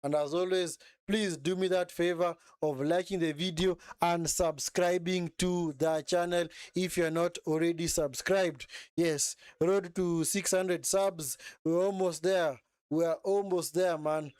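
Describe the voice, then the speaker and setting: With a measured pace, this man calls a football match live on his stream, chatty and excitable, repeating phrases and using "eh?" as a frequent tag. His slightly high voice is clear and smooth, recorded close and dry without echo or room.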